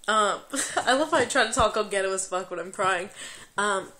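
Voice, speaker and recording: A young woman records a late-night confessional vlog at home, her voice tearful from crying. She rambles in fits and starts, swears freely, and stalls on fillers, all at a middle pitch. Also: pushed and bright. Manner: rambling, profane, halting with many fillers. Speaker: vlogger.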